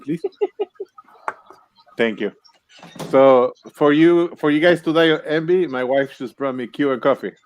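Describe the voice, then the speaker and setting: A man's voice: on the high side, takes it slowly, pauses often. A man chats casually as a player in a tabletop fantasy game. His manner is easygoing and prone to chuckles. A faint noise sits under his voice.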